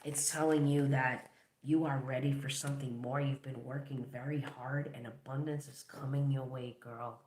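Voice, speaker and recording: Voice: medium pitch, flat delivery, moderate pace, a little mellow, reverberant. A tarot reader giving a collective reading, talking straight to the viewer in an encouraging, affirming way.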